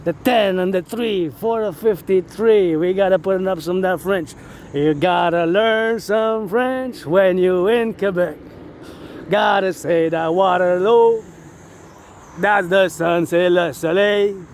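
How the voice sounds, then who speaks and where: High-voiced man chanting a slow cadence. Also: a little hiss or hum. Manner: sing-song chanting in short repeated rhyming phrases. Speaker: vlogger chanting a freestyle march cadence. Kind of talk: rhythmic chanted freestyle cadence. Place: outdoors in a downtown city.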